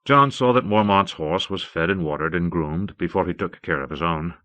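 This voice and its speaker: Deep-voiced man narrating an audiobook. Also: moderate pace, bright, forceful tone. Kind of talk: scripted narration. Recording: dull old cassette tape.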